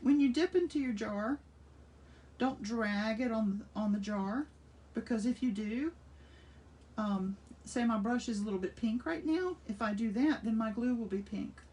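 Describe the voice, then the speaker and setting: A woman's voice: a little high, a little slow, warm tone, recorded from a distance. Chatty older woman demonstrating collage. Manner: chatty and enthusiastic, thinking aloud while working. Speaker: art instructor. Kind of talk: casual craft demonstration. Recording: voice slightly off-mic with faint room noise.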